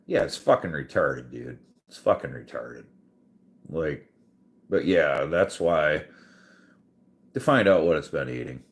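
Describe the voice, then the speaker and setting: A man with a lowish voice rants in a slow, drawn-out way, cursing freely as he vents. His pitch swings widely, and he laughs often through the telling. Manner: profane, exasperated storytelling. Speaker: podcast host. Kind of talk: casual podcast rant.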